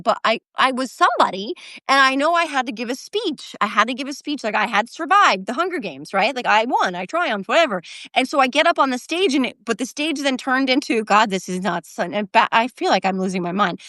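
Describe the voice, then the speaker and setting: Bright-voiced woman hosting a livestream. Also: high voice, dry recording, clean studio sound. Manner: animated storytelling, quick asides. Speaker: livestream host. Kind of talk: casual political chat.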